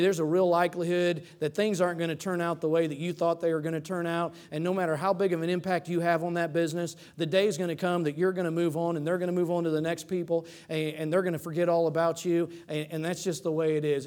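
Texan male pastor, fairly high voice, energetic preaching with soft drops. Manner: animated preaching with sudden loud climaxes and soft asides. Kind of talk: sermon.

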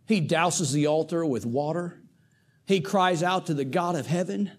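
A man preaching a sermon, telling a Bible story with dramatic swings between hushed and loud delivery. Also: fairly high pitch, measured pace.

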